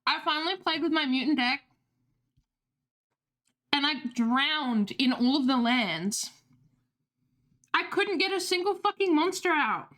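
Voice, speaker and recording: A woman's voice: sits high, animated, moderate pace, fairly bright tone. A young woman streaming, chatting casually with viewers, talkative and swearing freely with laughing asides. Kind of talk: casual livestream chat.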